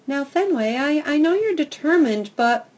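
A woman voicing a kind, motherly female dog who speaks softly and sympathetically in a storybook reading. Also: high-pitched, lively intonation, normal speed, highs cut off, voice pushed up. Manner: soft, sympathetic.

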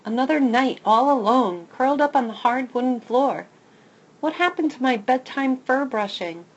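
A woman narrating a first-person children's story in a lively, expressive way. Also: sits high, moderate pace, dull audio. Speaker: audiobook narrator.

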